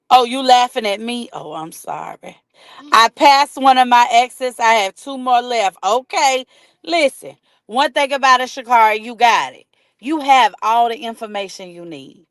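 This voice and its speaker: A woman's voice: fairly high pitch, no echo. A middle-aged woman, hosting a casual livestream, chatting and greeting viewers by name. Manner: chatty, reads and greets viewer comments aloud. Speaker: livestream host.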